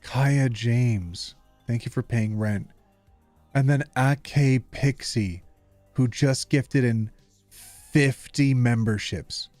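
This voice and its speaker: A man's voice: medium pitch, very slow, darkish tone, dry recording, soft background music. A man from Canada, a streamer in casual live-stream chat, bubbly and playful with a lot of laughter.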